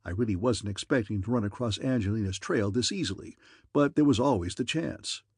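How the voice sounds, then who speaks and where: A man's voice: lowish voice, a little fast, husky, dry recording, studio quality. A man reading an audiobook in wry, easygoing first-person narration.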